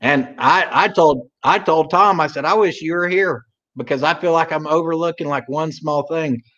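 A man's voice: a little high, moderate pace, a bit bright, highs cut off. A man from Oklahoma co-hosting a livestream, chatting casually in a rambling, drawling way. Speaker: livestream co-host. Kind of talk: casual chat.

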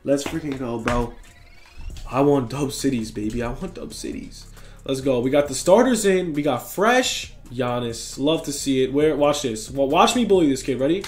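A young man giving excited, trash-talking commentary over his own basketball video game play. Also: medium pitch, normal speed, soft background music. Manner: hyped, trash-talking, reacts loudly to every play. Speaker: gaming YouTuber.

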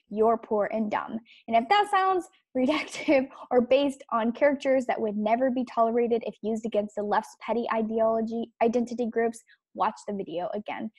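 A woman's voice: on the high side, a little mellow, dry recording. A young woman hosting a podcast, giving sarcastic opinionated commentary and reading quotes aloud. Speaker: podcast host.

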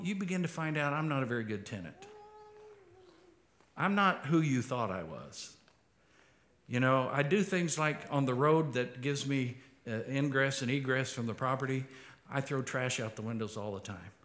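A male pastor with an Arkansas twang, preaching a conversational sermon and often repeating words as he starts a phrase. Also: a bit bright. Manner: rises in pitch and volume for emphasis.

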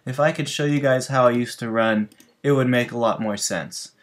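Speaking at a moderate pace in a mid-range voice, this gaming channel host spins casual stories over gameplay. He rambles loosely, restarting often and tossing asides directly to his viewers.

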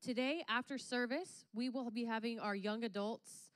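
A woman's voice: a little high, normal speed, clear, resonant tone, no room sound. A woman giving upbeat, joking church announcements, welcoming guests. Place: church sanctuary.

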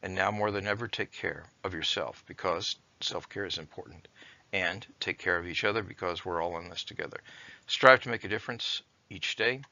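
Male teacher, measured explainer, bright forceful tone, dull lo-fi dry recording. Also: sits low, vocal fry, no room sound. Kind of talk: recorded lecture with read-aloud story.

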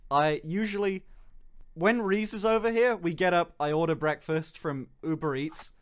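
A young man streaming, chatting casually with quick jokes and frequent swearing. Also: a little high, clear, resonant tone. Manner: fast, joking, swears often, laughs a lot. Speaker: streamer host.

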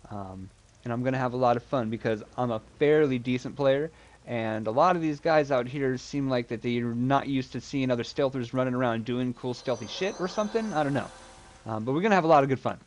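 A man's voice: mid-range voice, a little fast, slight background noise. A man streaming a game, rambling to himself in casual commentary and swearing freely.

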